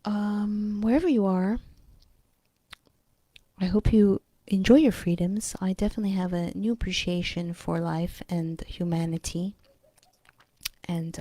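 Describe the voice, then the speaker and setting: A woman's voice: mid-range voice, a little slow, long pauses, dark tone, no room sound. A woman vlogger chatting casually, rambling and blunt, swearing freely and drifting into asides. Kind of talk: casual chat.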